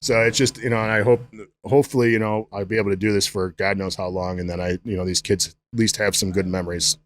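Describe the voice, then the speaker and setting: A middle-aged man with a fairly low voice, chatting on a podcast as a guest. He rambles from story to story and swears freely, loose and unpolished. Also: fairly even intonation, fast talker. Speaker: guest, strength coach. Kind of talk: casual podcast chat.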